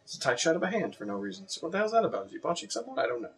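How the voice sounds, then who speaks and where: A man's voice: sits high, very animated, rapid-fire, gravelly, a bit bright. A man co-hosting a casual movie podcast, giving blunt, opinionated takes. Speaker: podcast co-host. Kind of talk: casual chat.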